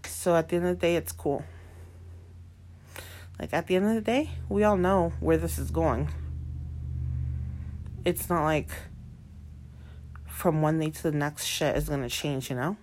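Low and darkish, her voice moves at a measured pace with frequent pauses over a slight hiss or hum. She's a twenty-nine-year-old single mother venting defiantly, swearing heavily, repeating herself, and slipping between English and Spanish.

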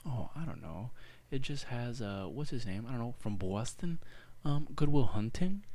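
A young man co-hosting a podcast in casual chat, excitable and swearing often, now and then breaking into loud mock voices. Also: medium pitch, normal speed. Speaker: podcast co-host.

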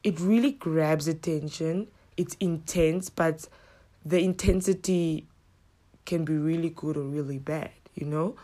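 Woman, casual vlog rant, low pitch, blunt, swears a lot. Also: unhurried. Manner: blunt, heavy swearing, animated retelling. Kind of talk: casual storytelling rant to camera.

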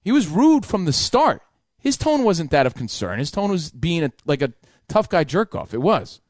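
A man telling a story in casual chat, animated, heated and profane. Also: fairly high pitch, normal speed, no echo, clean studio sound.

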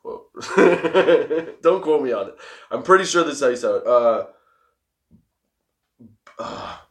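A young man, high and giggling, hosting a rambling, casual stoner chat show and swearing freely. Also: expressive, slow. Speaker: host.

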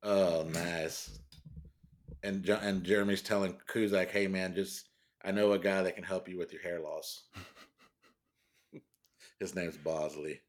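Low-pitched male podcast host, loose rambling delivery. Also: fairly even intonation, slow pace, pauses often. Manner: rambling, laughs often, trails off. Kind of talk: casual chat.

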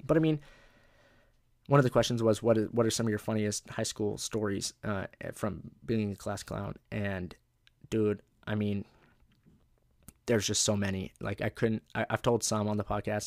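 A man's voice: lowish voice, gravelly, a little mellow, no echo, studio quality. A young man hosting a podcast, telling rambling, profane stories in a casual monologue and laughing at his own jokes. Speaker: podcast host.

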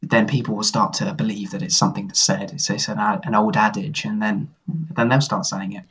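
Husky, wry male podcast co-host. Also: on the low side, little pitch movement, moderate pace, a bit bright. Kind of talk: casual chat. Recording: muffled at times from tech problems.

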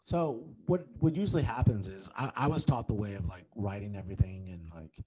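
Animated storytelling man, mellow low voice. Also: fairly quick. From Detroit. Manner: animated, acts out quoted voices with big pitch jumps. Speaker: stand-up comedian guest. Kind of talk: casual storytelling interview.

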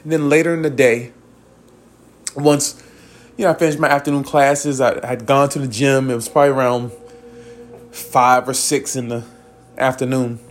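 A man's voice: medium pitch, fairly even intonation, normal speed, long pauses. A young man earnestly recounting a spiritual experience in a rambling way, with many restarts and moments where he gets tearful. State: tearful at times. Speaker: vlogger. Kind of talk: personal spiritual storytelling.

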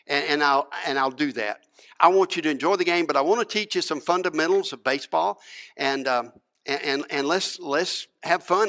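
A man's voice: a little high, pushed and bright. A middle-aged man, preaching a sermon in a folksy, conversational way with many asides and restarts. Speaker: pastor. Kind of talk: sermon with personal storytelling.

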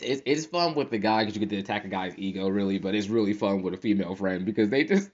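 A man's voice: fairly low pitch, quick pace, hardly any pauses, a little mellow. Slangy laughing podcast man, dull sound. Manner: slangy, profane, laughs often while telling stories. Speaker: podcast host. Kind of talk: casual solo podcast talk.

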